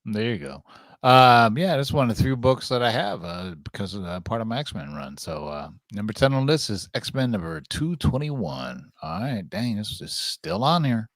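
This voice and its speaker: A man co-hosting a comic book podcast, chatting casually and hesitantly, with frequent pauses and fillers. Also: fairly low pitch, sing-song, fairly bright tone, no echo, studio quality. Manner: hesitant, lots of fillers and restarts. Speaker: podcast co-host. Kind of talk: casual chat.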